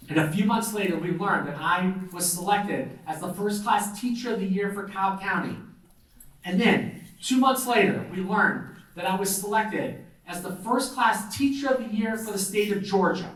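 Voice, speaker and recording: A middle-aged man giving a keynote speech, telling stories with lively acted-out voices. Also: sits high, normal speed. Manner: animated storyteller acting out voices. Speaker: keynote speaker. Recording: echoey hall, mic from far off.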